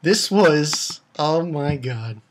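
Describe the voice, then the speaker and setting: A man reviewing a manga chapter in casual chat, excitable and rambling, with many fillers and exclamations. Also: on the high side, drawn-out words.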